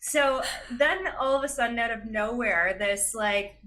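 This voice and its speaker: Bright-voiced woman telling a story. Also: on the high side, measured pace. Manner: animated, chatty, frequent laughs and fillers. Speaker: podcast guest. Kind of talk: casual storytelling in a chat.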